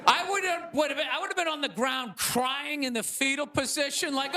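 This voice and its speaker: A male stand-up comedian ranting with exasperated bursts of shouting, on stage before a live audience. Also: very high voice, brisk, few pauses, crowd noise. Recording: audience laughter and noise.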